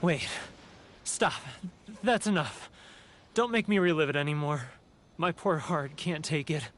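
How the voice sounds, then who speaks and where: An actor playing a timid, guilt-ridden merchant in a video game, emotional, sighing and confessional. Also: male voice, a little high, lively intonation, unhurried, fairly bright tone. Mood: anguished. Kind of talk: game voice acting. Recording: game audio with faint background music.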